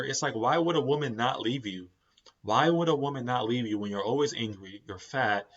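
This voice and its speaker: A man's voice: medium pitch, a bit bright, breathy edge, highs cut off. A tired man, hosting a podcast as casual solo commentary, rambling with lots of fillers and repeats. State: tired, yawning. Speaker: podcast host.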